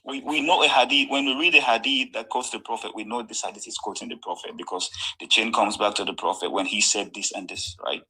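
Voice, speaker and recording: A man's voice: fairly low pitch, fairly even intonation, fast talker, hardly any pauses, sharp tone, breathy edge, rough recording. A man arguing in a heated online debate, insistent and exasperated, pressing his point. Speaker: debate caller.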